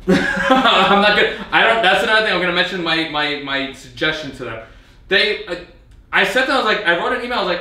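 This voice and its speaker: Animated man in an echoey room. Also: sits high, a little fast. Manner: animated, exasperated retelling with quoted exchanges. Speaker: video host reviewing an arcade cabinet. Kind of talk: casual vlog storytelling. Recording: echoey room, mic at a distance.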